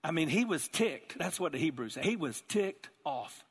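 Male pastor, fairly high voice, lively storytelling sermon, big church reverb. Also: moderate pace, slightly rough. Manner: animated storytelling, acting out characters.

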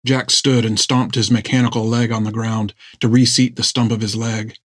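Man, audiobook narrator, measured storytelling, mid voice, dry close sound. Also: mid-range voice, little pitch movement, a bit bright, breathy edge, no room sound. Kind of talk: scripted narration.

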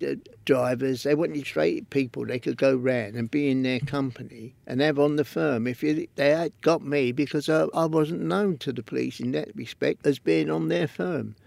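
A man's voice: a little high, vocal fry, darkish tone, dry recording. An older man with a London Cockney accent, telling rambling anecdotes as an interview guest. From London, England. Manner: rambling anecdotes, imitates voices in quotes. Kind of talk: storytelling interview.

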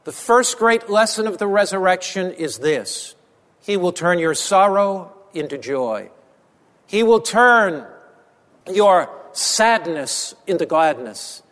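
A male pastor with a notably high voice delivers an impassioned sermon, repeating phrases for weight and sinking low and quiet to press a point. His voice rings with a long reverb, as if in a large hall. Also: lively intonation, slow. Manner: impassioned preaching with repetition, dropping low and soft for emphasis.

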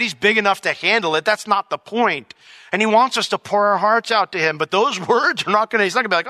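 Male Bible teacher, slightly high and very bright voice. Talks casually, acts out dialogues, reads verses more softly. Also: dry recording, clean studio sound, long reverb tail. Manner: animated, acts out imagined dialogues in shifting voices; reads scripture aloud in a lower, softer voice.

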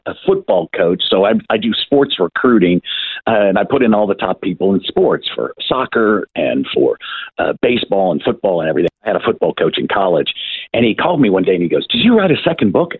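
A man's voice: on the low side, breathy edge, no room sound. A man telling stories as an author in an interview, chatty, repeating words and acting out the people he quotes. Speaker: author and guest. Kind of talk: casual storytelling interview. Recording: tinny phone-line sound.

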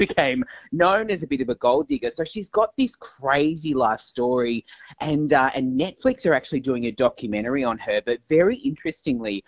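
A man's voice: medium pitch, dry recording, lo-fi sound. An Australian man, an entertainment reporter, telling celebrity gossip as a chatty story. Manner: storytelling, conspiratorial.

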